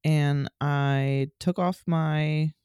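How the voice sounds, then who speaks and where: A woman's voice: low voice, steady tone, extremely slow, dark tone, clear, resonant tone, no echo, clean studio sound. A woman in her thirties co-hosting a podcast in casual chat, playful and self-mocking, laughing often. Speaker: podcast co-host.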